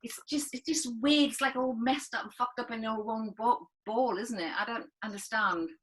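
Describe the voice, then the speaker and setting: A woman's voice: a little high, moderate pace, fairly bright tone, poor audio. A woman co-hosting a casual chat podcast, rambling and restarting her sentences, laughing often. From northern England. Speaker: podcast co-host.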